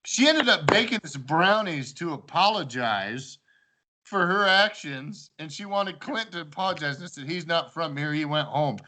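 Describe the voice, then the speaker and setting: A man telling old house-party stories in a casual chat, animated, acting out quoted lines and laughing often. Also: a little high, moderate pace. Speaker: storyteller among old housemates.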